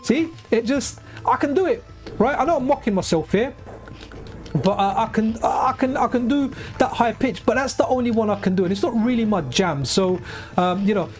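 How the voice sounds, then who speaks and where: High-voiced chatty male streamer. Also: moderate pace, a little mellow. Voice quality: light, high voice he calls feminine. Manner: rambling and chatty, keeps asking "right?". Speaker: game streamer. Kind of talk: casual live-stream chat while playing. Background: faint game music.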